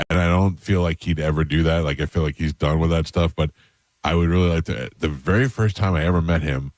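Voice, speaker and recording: A man's voice: a bass voice, no room sound, studio quality. A man hosting a radio talk show, telling rambling stories in a chatty, casual way. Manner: storytelling, rambling, quick and chatty.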